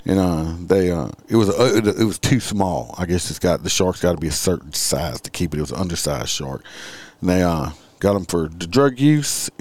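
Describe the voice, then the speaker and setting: A man's voice: low voice, lively intonation, normal speed, a little mellow, no echo. A man hosting a casual livestream, reading out crime stories and chatting with his viewers in a sarcastic, profane, rambling way.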